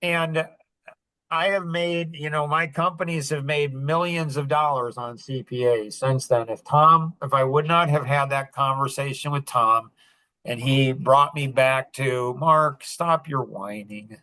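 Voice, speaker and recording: A man's voice: medium pitch, fairly even intonation, a little slow, sharp tone, dry recording. A man hosting a podcast, telling stories casually and acting out the quoted dialogue with lots of animation. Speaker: podcast host. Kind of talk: casual storytelling chat.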